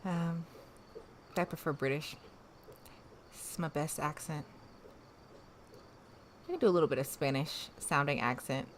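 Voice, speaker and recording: A woman's voice: deep voice, a little slow, long pauses, slight background noise. A woman from the American South with no regional accent, hosting a casual livestream and chatting with viewers, trailing off with fillers and restarts. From Southern United States. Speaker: livestream host.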